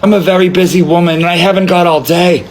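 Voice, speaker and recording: A man's voice: high voice, steady tone, fast, slight background noise, close to an everyday voice. A man playing a brash, bossy woman judge, in a sassy, scolding, wisecracking parody sketch. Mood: impatient. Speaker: comedian.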